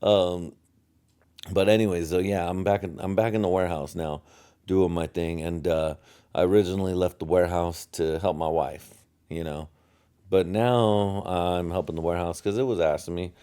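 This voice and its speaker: A man's voice: low voice, fairly even intonation, moderate pace, warm tone, clean tone. A young American man hosting a solo podcast, rambling from topic to topic with heavy profanity and chuckles at his own jokes. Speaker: podcast host.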